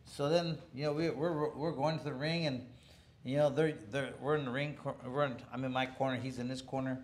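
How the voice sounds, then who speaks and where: A man's voice: mid-range voice, fairly even intonation, brisk. A middle-aged man telling a boxing story in a casual interview, rambling with many restarts and chuckling along the way. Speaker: former boxer telling a story.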